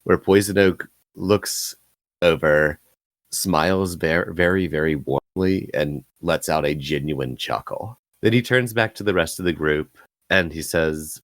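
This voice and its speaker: Very deep, calm male game master; dry narration. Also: unhurried, dry recording.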